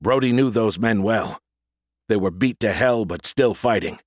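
A man narrating an audiobook in a steady, even storytelling manner, close to a studio mic. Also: on the low side, normal speed, no room sound.

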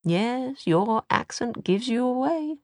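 A woman's voice: fairly high pitch, expressive, takes it slowly, darkish tone, dry recording, pitched above the performer's own voice. A woman voicing a cheerful, flippant young British man with a dry, mocking manner, read from a novel. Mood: teasing. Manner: teasing, dryly mocking.

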